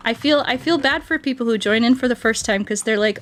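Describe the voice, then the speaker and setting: A woman's voice: fairly high pitch, fast talker, few pauses, fairly bright tone. A woman streamer and ASMR artist chatting casually with her viewers, playful and self-joking, with faint game music behind her. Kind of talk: casual livestream chat with viewers.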